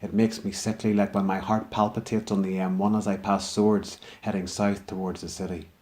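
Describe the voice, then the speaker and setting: A man with a Northern Irish accent performing comic spoken-word poetry in a wry, deadpan recital. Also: fairly low pitch, normal speed. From Northern Ireland.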